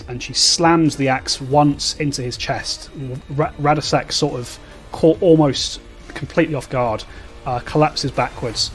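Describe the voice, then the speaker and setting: A man's voice: mid-range voice, fairly even intonation, faint music behind. A man narrating a tabletop role-playing game as game master, stopping and restarting often. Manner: halting narration with many fillers and restarts.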